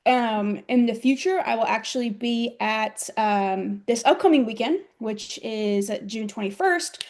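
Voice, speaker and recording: A woman's voice: fairly high pitch, measured pace, a little mellow. A young woman from the United States, a professional wrestler, chatting in an interview and telling stories with frequent giggles. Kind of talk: casual interview chat.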